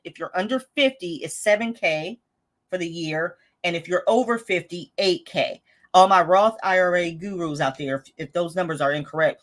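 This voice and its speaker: This is a woman running a casual budgeting livestream. Her voice sits at an ordinary middle pitch but moves a lot, rising and falling as she chats. She keeps reading out viewer comments and answering them, often stopping to correct herself. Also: a bit bright. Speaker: host of a live budgeting stream.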